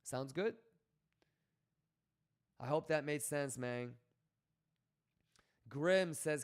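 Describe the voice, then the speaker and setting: A man's voice: fairly high pitch, extremely slow, long pauses, clean tone. A man hosting a livestream, talking casually and bluntly to his chat, swearing often and coaching viewers. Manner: blunt, profane, coaching tone, reads chat aloud. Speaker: livestream host.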